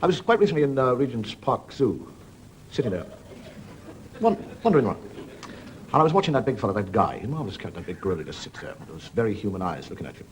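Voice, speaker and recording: A man's voice: on the low side, very animated, fast talker, slight background noise. A middle-aged man hosting a television comedy show, telling wandering, dry anecdotes in front of a studio audience. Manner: dry, wandering anecdotes with put-on voices for characters. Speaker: comedian host. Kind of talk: stand-up storytelling monologue.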